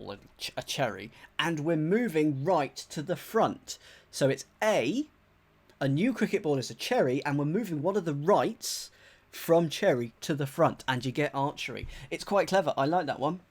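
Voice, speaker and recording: A man from England streaming live as he solves a crossword, thinking aloud in a chatty, animated way and greeting his viewers. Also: a little high.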